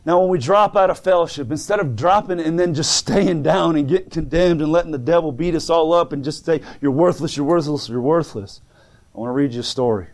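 A man preaching a sermon that answers written questions, telling folksy stories in plain speech and swinging between soft pleading and fervent calls. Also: on the high side, fast talker, few pauses. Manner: folksy plain-spoken storytelling.

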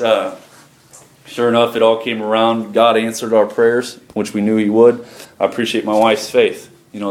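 A man's voice: fairly low pitch, darkish tone, slight background noise. A man pastoring from the pulpit, telling a testimony in a folksy, conversational way with frequent chuckles. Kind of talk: sermon testimony. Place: church sanctuary. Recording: echoey church room, faint music.

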